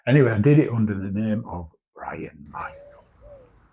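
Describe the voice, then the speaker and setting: A man's voice: fairly low pitch, huge pitch swings, unhurried, gravelly, mellow, a little hiss or hum. A man in his fifties, a commercial artist, chatting casually and rambling through a vlog, swearing now and then. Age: 50s.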